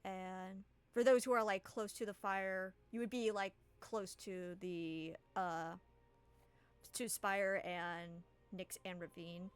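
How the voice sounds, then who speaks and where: A woman's voice: mid-range voice, steady tone, takes it slowly, clean tone, soft background music. A woman game master narrating a tabletop game in a casual, rambling way with many fillers.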